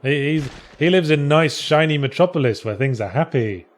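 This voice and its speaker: A man's voice: on the high side, animated, normal speed. A man, co-hosting a casual chat and reading out viewer questions, with dry, wry remarks.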